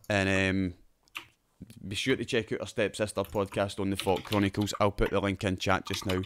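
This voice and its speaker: Over a little hiss or hum, a Scottish podcast host speaks in a lowish, level voice at a moderate pace. The talk is casual gaming chat with friends about games and shows, with frequent swearing, laughing and banter.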